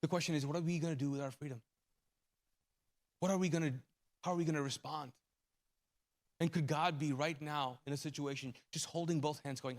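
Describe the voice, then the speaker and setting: A man's voice: on the high side, steady tone, fairly quick, long pauses, faint music behind. A man in his forties preaching a live sermon as pastor, telling a story with his voice swelling and dropping. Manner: emotional storytelling, voice rising and falling. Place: church auditorium.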